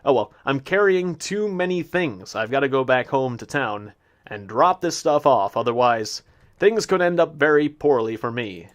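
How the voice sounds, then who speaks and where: Speaking at medium pitch and a moderate pace, this gameplay commentator sounds expressive. His let's-play talk is casual, with remarks aimed at the animals he comes across and the in-game text read out loud.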